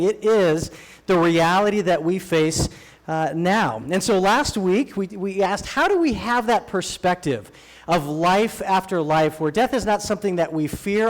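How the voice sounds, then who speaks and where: A man preaching a sermon as a guest speaker in a church sanctuary, in a relaxed, joking way that slows down to stress key phrases. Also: high voice. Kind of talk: conversational sermon.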